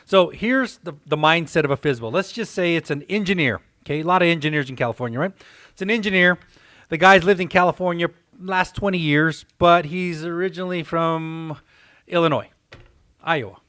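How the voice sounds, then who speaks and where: A man hosting a casual podcast, telling a story in an animated way. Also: fairly high pitch, fairly quick, dry recording, studio quality. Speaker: host.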